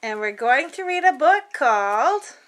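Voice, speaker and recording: A woman with a high voice reads a picture book aloud to children at a measured pace. Her storytelling is expressive and playful.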